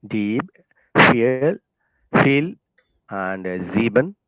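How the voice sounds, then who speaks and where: A man's voice: medium pitch, big pitch swings, extremely slow, no echo. A man student in an online language class, hesitantly reading words and searching for their meanings.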